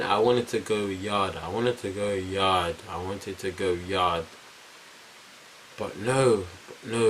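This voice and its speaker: Animated young London man telling a story. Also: lowish voice, a little hiss or hum, rough recording. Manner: animated, repeats phrases, heavy slang. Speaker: vlogger. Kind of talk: casual storytime.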